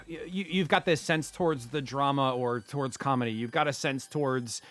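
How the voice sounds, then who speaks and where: A man hosting an interview, asking measured questions and adding short agreements. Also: mid-range voice, fairly bright tone. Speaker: interview host.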